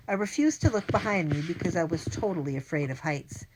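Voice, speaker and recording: A woman narrating a children's adventure book in the first person, briskly and plainly. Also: lowish voice, animated, a little mellow, husky. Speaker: audiobook narrator.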